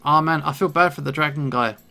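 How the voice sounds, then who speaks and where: A man's voice: on the high side, a little fast, gravelly, bright, forceful tone, soft background music. A man hosting a let's play, commenting in a playful, jokey way and reading game dialogue. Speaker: gaming channel host.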